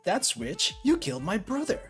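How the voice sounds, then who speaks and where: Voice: mid-range voice, big pitch swings, normal speed, gravelly, a bit bright, faint music behind, pitched above the performer's own voice. A streamer voicing a laid-back orc warrior who calls everyone bro. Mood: mocking.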